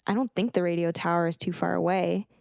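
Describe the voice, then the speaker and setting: A woman's voice: lowish voice, steady tone, fast, gravelly, a little mellow, no echo, clean studio sound. A woman voicing a nervous teenage girl who stammers and rambles on. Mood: rambling. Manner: stammering, talks on when nervous.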